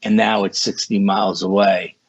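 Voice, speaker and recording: A man's voice: on the low side, little pitch movement, moderate pace, slightly rough, no echo. A man, a guest on a podcast, telling a story in a casual, rambling way and saying 'you know' often. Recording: dull lo-fi sound.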